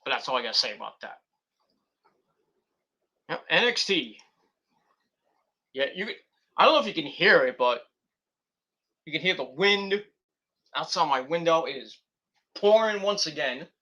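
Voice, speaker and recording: A wrestling review vlogger with a slightly high, expressive, sharp-toned voice speaks unhurriedly and pauses often. His casual talk rambles, turns profane, and strays onto tangents.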